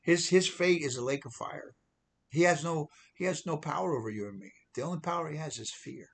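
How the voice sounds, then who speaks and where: Husky-voiced man preaching informally. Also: on the high side, fairly quick. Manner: conversational, repeats and restarts phrases. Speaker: online preacher. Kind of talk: informal devotional talk.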